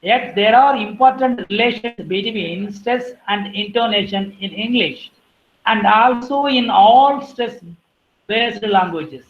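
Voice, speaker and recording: A woman giving an academic lecture, listing terms one by one and clearing her throat now and then. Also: medium pitch, slow, roomy sound, muffled recording.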